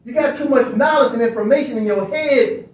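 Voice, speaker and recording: A man's voice: extremely high pitch, brisk. A man hosting an online study session, lecturing casually and preachily with a stream of rhetorical questions. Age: adult. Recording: echoey room, far from mic.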